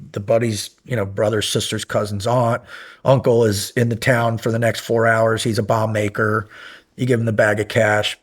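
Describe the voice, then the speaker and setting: A middle-aged man, a former military instructor, telling stories casually in an interview, rambling with many fillers and swearing when he gets worked up. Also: on the low side. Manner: rambling anecdotes with many fillers, profane and animated when recounting yelling. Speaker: podcast guest, former SEAL instructor.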